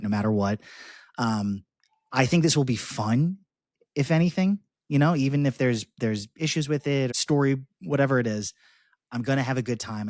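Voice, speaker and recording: Male podcast host, low voice, stop-start casual delivery, dry close recording. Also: a little mellow, no room sound. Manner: halting, many restarts and fillers. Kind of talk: casual chat.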